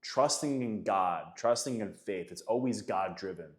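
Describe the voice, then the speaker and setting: Casual, emphatic man in his thirties, low voice. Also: expressive, unhurried. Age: 30s. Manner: casual, emphatic, calls listeners guys and man. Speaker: faith and men's coach. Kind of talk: motivational talk to camera. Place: Florida.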